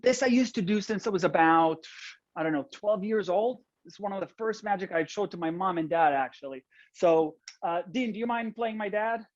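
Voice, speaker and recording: A man's voice: sits high, normal speed. A man with an Israeli accent performing a chatty, playful magic show for an audience on a video call. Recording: dull lo-fi call audio.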